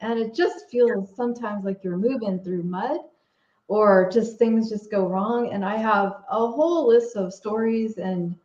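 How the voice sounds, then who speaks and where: A woman's voice: medium pitch, unhurried, a little mellow. Hesitant woman guest in an echoey room. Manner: hesitant, many fillers and restarts. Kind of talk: casual interview talk. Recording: echoey, slightly dull audio.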